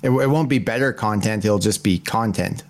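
A man's voice: lowish voice, normal speed. A man co-hosting a gaming podcast in casual chat, laid-back, laughing easily and chiming in with short replies. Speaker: podcast co-host.

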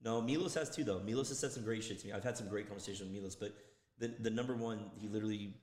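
A man co-hosting a casual podcast chat, telling stories in a loose, profane, animated way. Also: fairly low pitch, racing. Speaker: podcast co-host. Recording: echoey room with long reverb.

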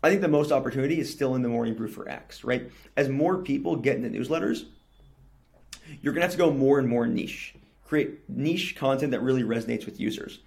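A young man talks through business questions in a fluent, matter-of-fact way as a podcast guest. His voice has a gravelly edge and sits at an ordinary pitch. He often punctuates his points with a quick "right?". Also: a little mellow. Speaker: newsletter company CEO, guest. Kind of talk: podcast interview answers.

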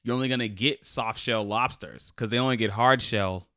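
A man's voice: medium pitch, moderate pace, dry recording, studio quality. A young man on a podcast, telling a work story in casual chat and acting out quoted voices, with a lot of "like". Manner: animated, acts out quoted voices, lots of "like". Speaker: podcast co-host.

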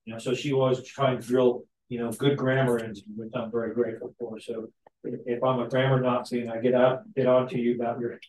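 A man leads a Bible study in a relaxed, chatty way, constantly tossing "right?" to his listeners. His voice sits in a mid range and picks up a lot of room echo. He sounds a few steps back from the microphone. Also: medium pitch, brisk, slight background noise. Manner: frequent tag questions, animated asides. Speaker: Sunday school teacher. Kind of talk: conversational Bible teaching. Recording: echoey room, mic at a distance.

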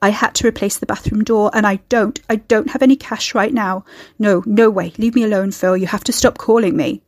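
A woman's voice: mid-range voice, lively intonation, a little fast, darkish tone, dry recording, natural voice. A woman voices an anxious young woman in a dry, close audiobook reading. She sounds guarded and shaky, with a touch of wry humor. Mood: pleading.

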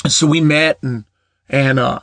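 A man's voice: mid-range voice, steady tone, normal speed, creaky, dry recording, studio quality. A middle-aged man preaching in a casual storytelling way, often repeating his words. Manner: warm anecdotal, repeats words, laughs at own stories.

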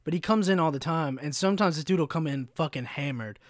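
A man, rambling through a story on his podcast. His voice sits a bit high, and it is full of casual swearing and filler. The sound is close and dry, with no room echo. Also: quick pace. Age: 20s. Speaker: podcast host.

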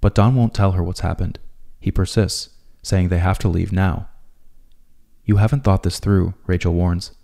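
A man narrating a scripted video essay in a calm, measured way. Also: low voice, creaky.

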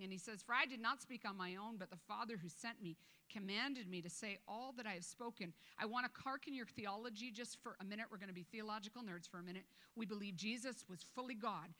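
A woman pastor preaching a sermon in a church, conversational, quoting scripture and breaking into quick asides. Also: on the high side, sharp tone. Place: church sanctuary with a balcony. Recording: long hall reverb.

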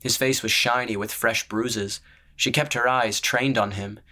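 A man narrating a story in a steady, measured audiobook reading. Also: mid-range voice.

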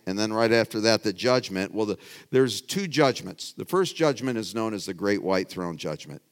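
Preaching in a lowish, clean-toned voice, a middle-aged pastor keeps his sermon casual and conversational. He rambles in a folksy way, restarts sentences, and alternates loud emphasis with quiet asides.

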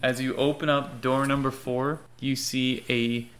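A man's voice: medium pitch, level tone, measured pace, a bit bright. A man narrating a tabletop game as game master in a loose, casual way. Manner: casual, loose, puts on crowd voices.

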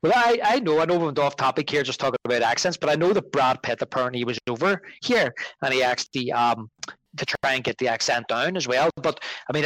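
A man's voice: medium pitch, a bit bright, no room sound, rough recording. A man, a podcast guest in casual chat, rambling and correcting himself as he talks. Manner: rambling, self-correcting, conversational.

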